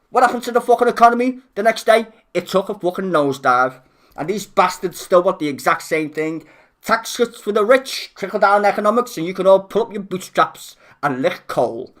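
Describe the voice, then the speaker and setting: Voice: mid-range voice, animated, normal speed. A livestreamer ranting angrily about the government, swearing constantly, sarcastic and exasperated. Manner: angry, heavily profane ranting. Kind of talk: live-stream political rant.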